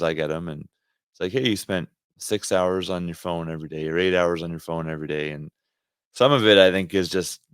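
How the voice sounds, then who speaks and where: A Canadian man with a very deep voice talks through a podcast conversation in a casual, earnest way, often restarting his sentences. The sound is dry and close to the mic. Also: clean tone, no echo. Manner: rambling, earnest, frequent restarts and laughter. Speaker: podcast co-host. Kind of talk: casual faith podcast chat.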